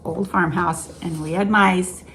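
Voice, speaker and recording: A woman co-hosting a casual stitching chat, expressive and quick to laugh and exclaim. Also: fairly low pitch, slight background noise. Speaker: co-host.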